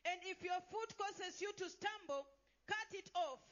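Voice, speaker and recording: A woman reading scripture aloud in a steady, measured way during a sermon. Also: very high voice, muffled recording, a crowd in the background. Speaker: scripture reader.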